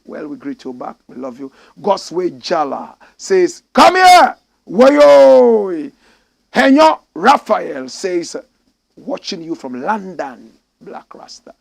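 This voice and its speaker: A Ghanaian man hosting a live-streamed talk show, his voice slightly croaky and gravelly. He sits fairly high for a man and swings his pitch widely. He reads viewer messages in a steady tone, then breaks into loud, sudden exclamations. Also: a little slow. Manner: animated, bursts into loud exclamations. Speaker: show host. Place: studio in Accra.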